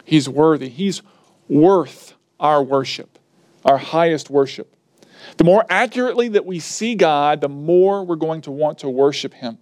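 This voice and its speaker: A man's voice: fairly high pitch, unhurried, darkish tone, no echo, clean studio sound. A man preaching a sermon, stressing key points and repeating his lines for emphasis.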